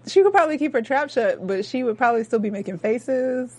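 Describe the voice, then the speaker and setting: A woman's voice: a little high, animated, a little fast, darkish tone. A woman co-hosting a casual after-show chat, emphatic and opinionated, her voice jumping up when she gets worked up. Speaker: co-host. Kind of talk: casual chat recapping a TV episode.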